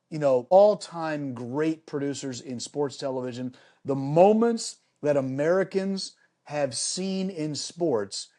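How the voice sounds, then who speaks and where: A middle-aged man, a sports broadcaster, telling lively anecdotes as a guest on a podcast and repeating phrases for emphasis. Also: a little high. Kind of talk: animated storytelling in a podcast interview.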